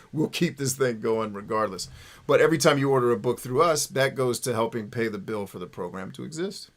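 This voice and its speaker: There's a faint hiss or hum behind this man's mid-range voice as he talks at a moderate pace. Hosting a casual livestream, he chats loosely, often asks "right?", and curses when worked up, with the delivery of someone who used to voice phone numbers on radio.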